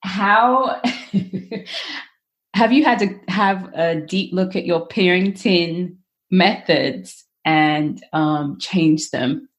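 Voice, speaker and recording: A woman of Caribbean background hosts a casual podcast chat. Her voice sits a little low, and she laughs easily as she talks. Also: very slow. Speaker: podcast host.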